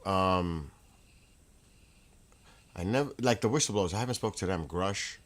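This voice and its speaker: A man hosting a casual livestream from home, telling rambling, excitable stories and laughing as he goes. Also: sits low, normal speed. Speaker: livestream host. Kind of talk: casual chat.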